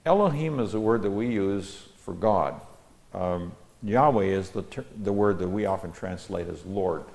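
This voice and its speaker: A man's voice: low voice, moderate pace, vocal fry, a little mellow. A man teaching through a psalm verse by verse, reading each line and explaining the Hebrew words, stressing the key lines. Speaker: Bible teacher.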